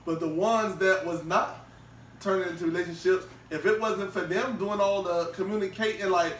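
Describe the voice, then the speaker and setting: A man co-hosting a podcast in casual chat, an animated storyteller who laughs often and repeats himself. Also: sits high, normal speed, a little hiss or hum. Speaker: podcast co-host. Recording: roomy, distant mic.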